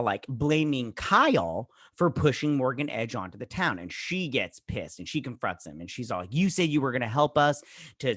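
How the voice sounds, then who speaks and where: A man's voice: medium pitch, a bit bright, no room sound, clean studio sound. A man hosting a show, casually recapping and reviewing a TV episode in a rambling way, padded with fillers and quoted character lines. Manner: rambling, filler-heavy retelling full of "he's all like" quotes; briefly acts out characters' lines in quoted bits. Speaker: show host.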